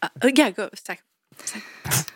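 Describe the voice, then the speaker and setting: A woman's voice: mid-range voice, lively intonation, normal speed, husky, no room sound, clean studio sound. A woman joining a casual podcast chat, answering in a hesitant, unsure way.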